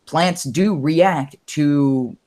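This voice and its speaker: A man's voice: fairly high pitch, extremely slow, darkish tone. A man guesting in a casual group voice chat, explaining his views in a lecturing way.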